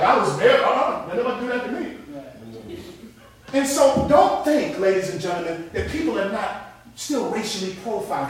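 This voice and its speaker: A man preaching a sermon, telling stories with animation and building up to shouted preaching in front of a congregation. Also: high voice. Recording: echoey hall, mic from a distance, congregation audible.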